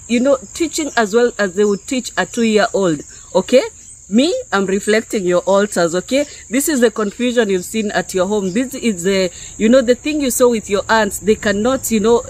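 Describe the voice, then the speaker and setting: A woman's voice: a little high, normal speed, no echo, poor audio. A woman from Kenya giving an unscripted spiritual teaching to her online viewers, talking conversationally and often checking in with "yeah?" and "okay?". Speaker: YouTube preacher.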